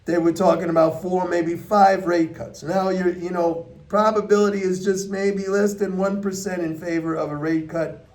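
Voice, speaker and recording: A man's voice: sits high, flat delivery, normal speed, darkish tone. A man giving blunt, emphatic, unscripted market commentary to his viewers, often repeating points for stress. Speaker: economics commentator.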